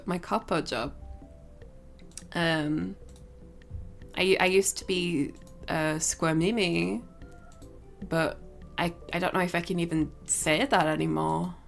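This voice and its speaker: A woman's voice: on the low side, gravelly, fairly bright tone. A young woman streaming live, chatting casually and rambling, with frequent giggles and casual swearing. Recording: faint game music behind.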